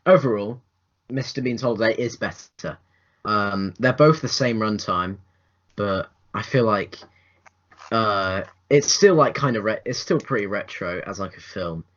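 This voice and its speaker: A young man co-hosting a casual film review podcast, rambling with restarts and lively put-on quotes. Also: on the low side, a little slow. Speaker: podcast co-host. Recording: dull lo-fi home recording.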